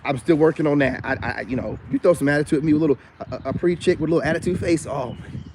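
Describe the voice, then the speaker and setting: A man's voice: fairly high pitch, rapid-fire, darkish tone, a little hiss or hum. A man talking casually to his camera, rambling and teasing, with slang and flirty crooning asides. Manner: rambling, teasing, slangy, repeats "you know what I'm saying". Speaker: vlogger.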